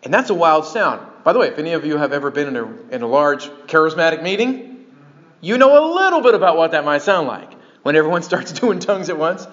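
A man preaching a sermon as pastor, animated and breaking into joking asides to his congregation. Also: fairly high pitch. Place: church sanctuary. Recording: dull lo-fi sermon recording.

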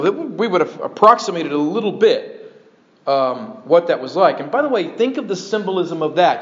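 A man preaching a sermon as pastor, animated and breaking into joking asides to his congregation. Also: sits high. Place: church sanctuary. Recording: dull lo-fi sermon recording.

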